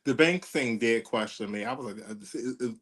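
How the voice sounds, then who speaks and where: A man's voice: medium pitch, a little fast, fairly bright tone. A man co-hosting a casual chat in a campy, playful manner, laughing often. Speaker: podcast co-host.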